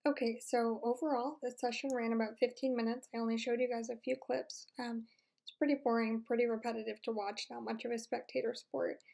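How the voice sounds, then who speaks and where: A woman narrating a dog training lesson in a steady, explaining voice-over. Her voice sits fairly high and carries a heavy gravelly fry. She keeps an even, level delivery with frequent fillers. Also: a little fast. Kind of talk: instructional voice-over.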